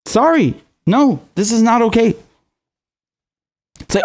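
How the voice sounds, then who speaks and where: A man's voice: extremely high pitch, expressive, slow pace, a little mellow. A man giving angry, profane political commentary, exasperated and sarcastic.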